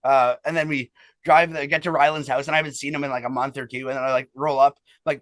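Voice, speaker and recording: A man's voice: mid-range voice, fairly even intonation, fast, fairly bright tone, no room sound. A man who fronts a band, telling stories in a casual interview, rambling and swearing with lots of fillers. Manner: rambling, profane, heavy on fillers.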